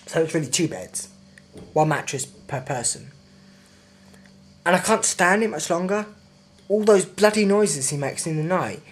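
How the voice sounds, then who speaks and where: A young man airs his grievances in a video diary, sweary and thoroughly indignant. His voice is very animated and swings widely in pitch. He piles on exaggeration as he goes. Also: a little slow, long pauses. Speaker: vlogger.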